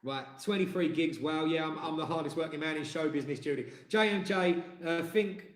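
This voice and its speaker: Male co-host, chatty and jokey, slightly high voice, roomy echo. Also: fairly quick. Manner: chatty, jokey, reads viewer comments aloud. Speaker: live stream co-host and singer. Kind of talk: casual live-stream chat. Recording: echoey room.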